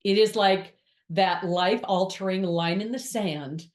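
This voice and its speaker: A woman's voice: medium pitch, takes it slowly. A woman giving an earnest, confessional spiritual monologue to her viewers, with candid asides. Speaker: spiritual speaker. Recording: roomy echo.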